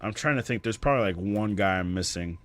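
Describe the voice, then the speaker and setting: A young man with a fairly low voice talks casually late at night, rambling and swearing as he goes. He restarts sentences often and coughs between thoughts, sounding worn out. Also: fast. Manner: rambling, profane, frequent fillers and restarts. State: tired, coughing. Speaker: streamer. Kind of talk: casual late-night monologue about comedy.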